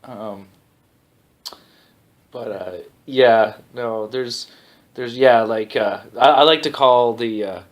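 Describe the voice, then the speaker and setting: A man's voice: mid-range voice, slow pace, pauses often, dull audio. A man from Canada co-hosting a casual podcast, riffing with crude jokes. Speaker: podcast co-host.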